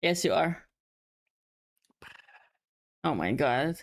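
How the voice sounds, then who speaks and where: A woman's voice: deep voice, big pitch swings, extremely slow. A woman co-hosting a casual stream chat, making dry, teasing remarks.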